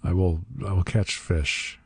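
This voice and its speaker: A man's voice: deep voice, little pitch movement, measured pace, husky, no echo, clean studio sound. A man doing a stammering old villain. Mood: defeated. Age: older. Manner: stammering, pleading. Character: small old white-haired man, cornered villain.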